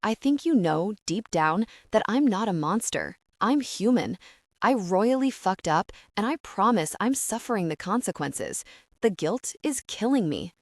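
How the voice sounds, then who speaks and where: A woman's voice: medium pitch, lively intonation, measured pace, no echo, studio quality, voice pushed up. A woman voicing a remorseful young man who begs desperately, in an audiobook reading. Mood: pleading.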